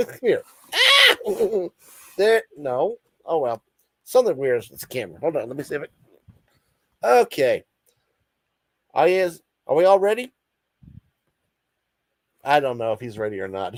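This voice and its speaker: A man's voice: mid-range voice, dry recording. Chatty older male show host. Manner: rambling, chatty. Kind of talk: casual live-stream chat.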